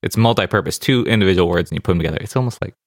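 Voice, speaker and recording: Low-voiced man rambling on a podcast. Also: racing, dry recording, clean studio sound. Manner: rambling, filler-heavy jokes. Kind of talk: casual chat.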